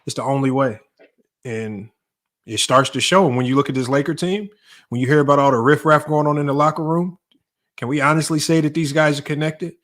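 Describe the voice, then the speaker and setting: A man's voice: on the high side, steady tone, a little fast, fairly bright tone. A man who coaches basketball, talking in a casual sports debate, emphatic and often repeating words as he builds a point. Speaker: basketball coach and podcast host.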